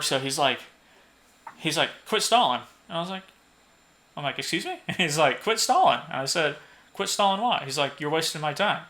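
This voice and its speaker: A young man spins a loose, profane story on a podcast, laughing at his own punchlines and acting out the other people's lines. His voice is bright and forward, sitting at an ordinary male pitch. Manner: swears freely, laughs at own stories, acts out quoted lines. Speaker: podcast co-host. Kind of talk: casual storytelling.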